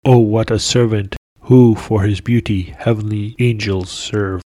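A man narrating a classic tale aloud in a steady, measured storytelling manner. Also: on the low side, dry recording. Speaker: podcast narrator.

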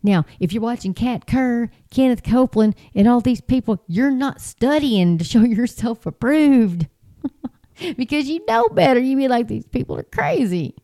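Mellow-voiced woman, rambling and exasperated. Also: fairly high pitch, expressive, unhurried. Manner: rambling, with many fillers and restarts; exasperated and incredulous. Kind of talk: casual commentary.

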